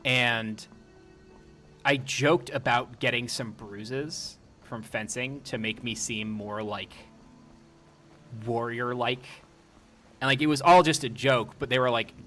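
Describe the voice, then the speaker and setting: A man's voice: medium pitch, fairly even intonation, slow, fairly bright tone, faint music behind. A man chatting loosely on a livestream while playing a game, rambling with lots of fillers and some swearing. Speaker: streamer. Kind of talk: casual livestream chat.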